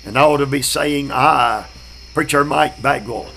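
A man, preaching a Bible study class in a slow, emphatic way, repeating key words. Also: mid-range voice, creaky, a bit bright, a little hiss or hum, rough recording. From Southern United States.

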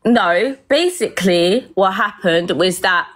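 Rambling woman, lowish voice. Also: unhurried, a little hiss or hum. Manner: rambling, heavy swearing, frequent fillers. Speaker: vlogger. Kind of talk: casual personal storytelling.

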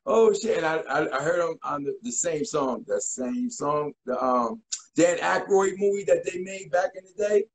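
Animated man in his forties. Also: fairly high pitch, moderate pace, low-quality recording. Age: 40s. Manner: animated, acts out voices and quotes. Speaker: guest. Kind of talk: casual interview storytelling.

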